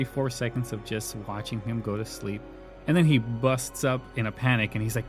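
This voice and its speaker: A man's voice: mid-range voice, over music. Laughing male podcast host recapping a show. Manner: retells scenes with quick acted quotes, laughs often. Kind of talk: casual recap chat.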